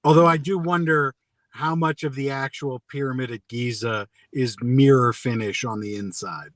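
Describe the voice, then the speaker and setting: A man's voice: mid-range voice, steady tone, moderate pace, very noisy. A man on a casual chat panel, making wry, dry jokes. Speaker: podcast panelist.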